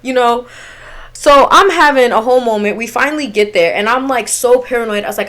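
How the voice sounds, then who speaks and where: A young woman with a fairly high voice spills a storytime vlog in loose, slangy talk. She is animated and keeps turning to her viewers as if they were friends on the couch. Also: a little fast. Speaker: vlogger telling a storytime.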